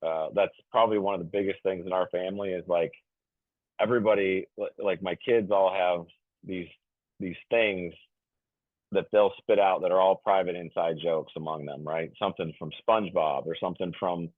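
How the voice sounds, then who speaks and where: A deep-voiced man in his fifties rambles through a casual story as a podcast guest, stumbling over restarts and fillers with a jokey edge. The sound is thin and phone-like, with no room echo at all. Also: fairly even intonation, normal speed. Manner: jokey, self-described goofy. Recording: tinny phone-like dry sound.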